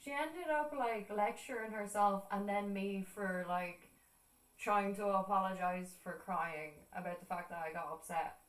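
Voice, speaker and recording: A woman's voice: mid-range voice, a little slow. A young Irish woman telling stories in casual chat, swearing freely and laughing often. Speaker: art streamer. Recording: roomy sound, distant mic.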